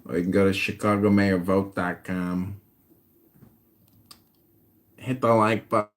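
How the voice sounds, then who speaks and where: A man's voice: deep voice, fairly even intonation, unhurried. A man in casual chat as a political candidate hosting his own podcast, loose and jokey. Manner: loose, jokey, self-promoting.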